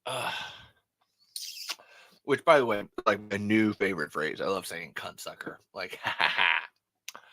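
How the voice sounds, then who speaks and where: Man hosting a podcast, rambling and swearing, very bright tone, dry close sound. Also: lowish voice, no echo. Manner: rambling, profane, chuckling. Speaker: podcast host. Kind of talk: casual late-night podcast chat.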